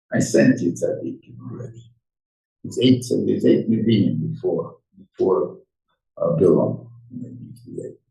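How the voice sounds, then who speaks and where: Older rabbi guy rambling through a torah class, gravelly low voice, sounds far off in a roomy hall. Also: warm tone. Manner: rambling, halting, many restarts and fillers. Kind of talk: informal Torah lecture. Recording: echoey room, voice far from the mic.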